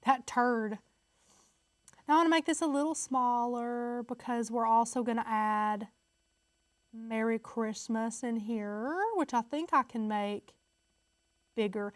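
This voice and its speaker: A woman's voice: a little high, steady tone, unhurried, pauses often, no room sound. A woman hosting a casual step-by-step crafting tutorial, chatty and upbeat, talking straight to her viewers.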